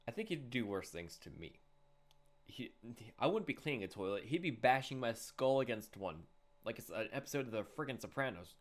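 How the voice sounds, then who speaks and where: A man's voice: mid-range voice, big pitch swings, a little fast. A man casually reacting to a game, joking with slang. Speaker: reaction video host.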